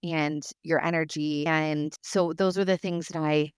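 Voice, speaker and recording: A woman's voice: low-pitched, fairly even intonation, measured pace, clean tone, dry recording, studio quality. A woman hosting her own podcast, earnestly telling a personal story with many fillers and restarts. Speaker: podcast host.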